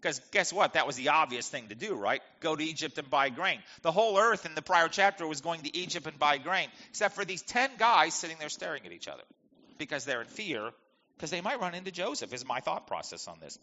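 A man's voice: fairly high pitch, big pitch swings, a little fast, pushed and bright. A man teaching verse by verse from the Bible, reading passages and explaining them conversationally with rhetorical questions. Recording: dull lo-fi with long hall reverb.

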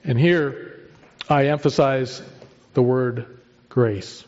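A male pastor preaching a sermon with emphatic delivery, drawn-out pauses and rising stresses. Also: on the high side, lively intonation, a little mellow, highs cut off.

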